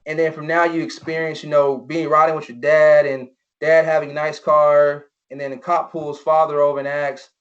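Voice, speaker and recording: A young former football player, guesting on a podcast, earnestly tells personal stories in an interview, full of "you know" fillers and acting out quoted voices. His fairly high voice is flat, at normal speed with hardly any pauses, in dull lo-fi podcast audio.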